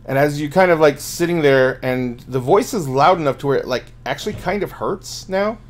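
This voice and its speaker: A man's voice: a little high, normal speed. A man running a tabletop game as game master, narrating loosely with many fillers and restarts.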